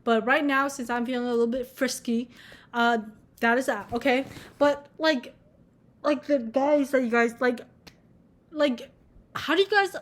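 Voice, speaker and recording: A woman's voice: sits high, a little slow, long pauses. A young woman in college ranting casually to camera, blunt and full of swearing and filler words. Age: young adult. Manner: blunt, swears a lot, many filler likes. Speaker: vlogger.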